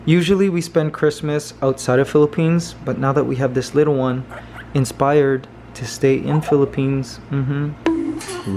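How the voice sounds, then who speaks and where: Slow, playful man vlogging with his parrot. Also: medium pitch, steady tone, dark tone, slight background noise. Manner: playful, sings snatches of carols. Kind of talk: casual vlog talking to his parrot. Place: home with a pet parrot.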